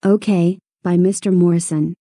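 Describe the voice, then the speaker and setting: A woman's voice: on the low side, steady tone, moderate pace, warm tone, husky, no room sound, clean studio sound. A woman voicing a sweet, cheerful young cartoon girl.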